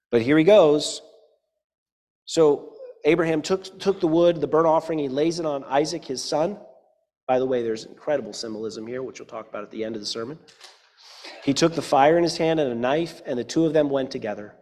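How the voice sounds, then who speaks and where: A man's voice: fairly high pitch, brisk, darkish tone, in a large hall. Conversational pastor in his forties. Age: 40s. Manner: conversational, jokey asides to the congregation. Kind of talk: sermon.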